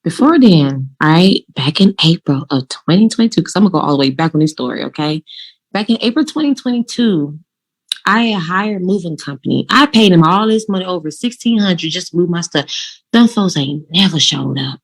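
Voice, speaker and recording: A woman vlogging casually, giving motivational law of attraction tips and telling her own story in an animated, informal, direct way. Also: fairly low pitch, a little fast. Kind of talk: casual motivational vlog talk.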